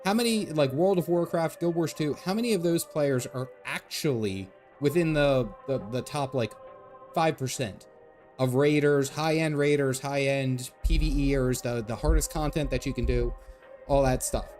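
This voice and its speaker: A man's voice: on the high side, normal speed, a little mellow, faint music behind. A man streaming a game, chatting casually and rambling as he answers his chat. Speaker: gaming streamer. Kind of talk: casual live-stream chat while gaming.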